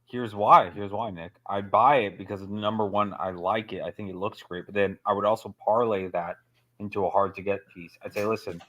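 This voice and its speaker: A man in casual chat with a slight lisp, laying out his reasoning in a relaxed way. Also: on the low side, a little fast, muffled recording.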